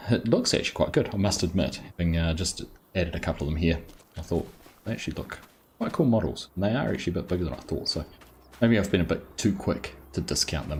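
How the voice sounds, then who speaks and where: A man's voice: sits low, darkish tone, slight background noise. An Australian man hosting a casual live gaming stream, chatting easily, greeting viewers by name and using plenty of fillers. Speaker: livestream host.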